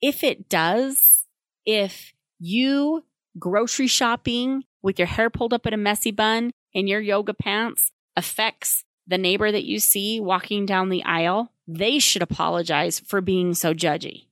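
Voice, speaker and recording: An adult mother with kids gives parenting advice in a candid monologue, brisk and emphatic, with wry, plainspoken humor. Her mid-range voice is a bit bright, and the recording is dry.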